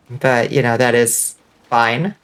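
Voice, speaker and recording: A woman with a faint Southern accent and a slight lisp, giving casual gaming commentary while enunciating clearly. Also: a bass voice. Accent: subtle Southern US. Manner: clear enunciation, swears and laughs often. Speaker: vtuber streamer.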